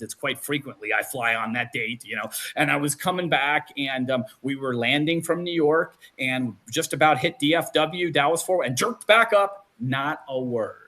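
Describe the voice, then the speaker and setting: A man hosting a podcast, telling stories in a casual and animated way, often restarting sentences. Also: mid-range voice. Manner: animated, acts out quotes, many restarts. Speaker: podcast host. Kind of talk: casual storytelling chat.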